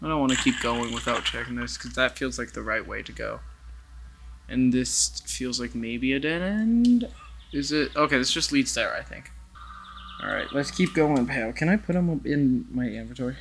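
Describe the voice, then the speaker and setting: A man's voice: mid-range voice, animated, moderate pace, gravelly, fairly bright tone, a little hiss or hum. A young man giving rambling, casual commentary while playing a VR game, swearing and talking to the characters on a headset mic. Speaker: gaming YouTuber.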